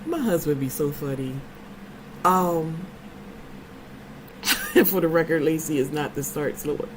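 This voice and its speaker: A woman's voice: low voice, animated, unhurried, slight background noise, poor audio. A woman hosting a casual vlog chat, telling stories to her viewers in a playful, emphatic way. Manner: chatty storyteller, playful and emphatic. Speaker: vlogger host.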